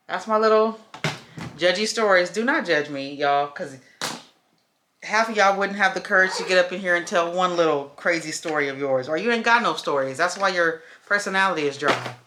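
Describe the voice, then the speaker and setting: A woman tells a story to her vlog audience, acting out the other voices. Her voice sits low but sounds bright and forceful. She calls her viewers y'all and baby as she talks. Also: slight background noise. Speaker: vlogger telling a story. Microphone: camera while doing makeup.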